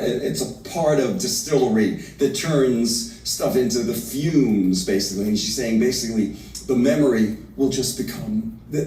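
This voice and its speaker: A man teaching a livestreamed literature lesson, animated and reading verse slowly and dramatically. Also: medium pitch. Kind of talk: livestreamed lecture. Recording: roomy, from far off the mic.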